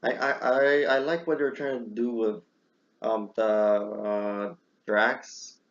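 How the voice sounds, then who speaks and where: A young man hosting a casual chat, telling stories with lively bursts as he acts out his own reactions. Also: on the low side, slow. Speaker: podcast host. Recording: muffled lo-fi recording.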